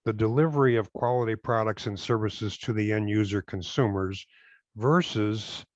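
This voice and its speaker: An older man, a direct selling compliance consultant, giving measured interview answers with frequent fillers and restarts. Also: lowish voice, dry recording, lo-fi sound.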